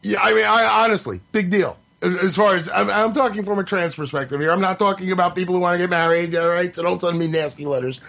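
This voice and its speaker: A man's voice: sits high, gravelly, a bit bright. A man hosting an opinion podcast, venting in an exasperated, sarcastic, profane rant. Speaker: podcast host. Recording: slightly muffled lo-fi audio.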